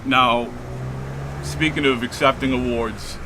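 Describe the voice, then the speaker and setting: A male radio host asking an interview guest measured, thoughtful questions. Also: medium pitch, fairly even intonation, background noise.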